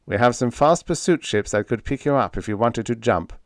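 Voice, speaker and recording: A man voicing an impersonal male radio controller giving flat, official orders. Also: mid-range voice, brisk, dry recording, clean studio sound, close to an everyday voice. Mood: stern.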